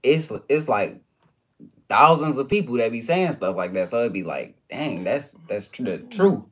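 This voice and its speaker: A man's voice: mid-range voice, lively intonation, normal speed. A young man vlogger in casual chat, laid-back and teasing, with plenty of slang.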